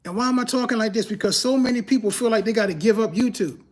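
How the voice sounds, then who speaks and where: A man's voice: high voice, fast talker. A man hosting a livestream as a YouTube growth coach, talking emphatically and casually, repeating key phrases and firing rhetorical questions. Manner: casual, slangy speech.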